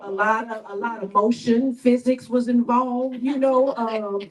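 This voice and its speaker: Open-mic emcee: woman, high voice, loose chatty patter full of fillers. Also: steady tone, unhurried, rough recording. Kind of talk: casual emceeing.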